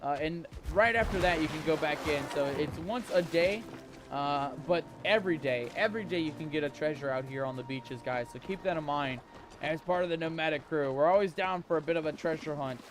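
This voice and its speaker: A man's voice: on the high side, brisk. A man hosting a live gameplay stream, chatty and upbeat, greeting viewers with pirate slang. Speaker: livestream host.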